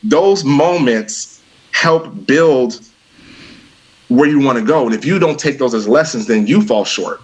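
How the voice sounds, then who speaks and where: A middle-aged man speaks as a guest on a podcast, telling personal stories in a lively, conversational way. He acts out the voices of the people in his stories and laughs along as he goes. His voice sits at an everyday middle pitch. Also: a little slow, dull audio. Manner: animated storyteller who acts out quoted dialogue, laughs often. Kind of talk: conversational storytelling interview.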